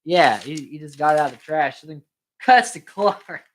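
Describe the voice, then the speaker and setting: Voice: mid-range voice, animated, normal speed. A co-host casually retelling movie scenes on a podcast, slipping into quoted character voices. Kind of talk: casual movie recap chat.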